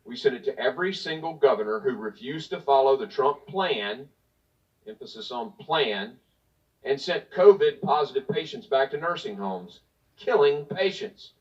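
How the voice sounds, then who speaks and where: A man's voice: medium pitch, lively intonation, normal speed, a little mellow. Pointed congressman heard from afar. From Tennessee. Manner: pointed, partisan, reading from notes. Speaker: congressman questioning a witness. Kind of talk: prepared remarks at a hearing. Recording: distant, dull hearing-room audio.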